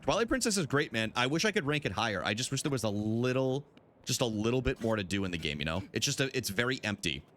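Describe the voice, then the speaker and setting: Lively-voiced man streaming a game. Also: mid-range voice, fast, slight background noise. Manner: chatty, answers chat, swears freely. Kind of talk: casual live-stream chat while gaming.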